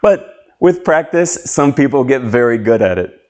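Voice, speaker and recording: A man teaching an English lesson on video, speaking slowly and carefully as he models sounds and words. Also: medium pitch, expressive, a little mellow. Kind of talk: slow, clear classroom video lesson.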